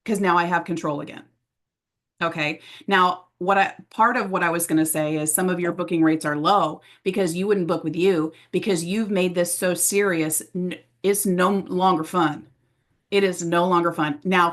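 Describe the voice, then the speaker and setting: Lively woman coaching a sales team. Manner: energetic, acts out little scenes in high playful voices. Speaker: sales trainer. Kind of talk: motivational training talk. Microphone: presenting to a camera audience.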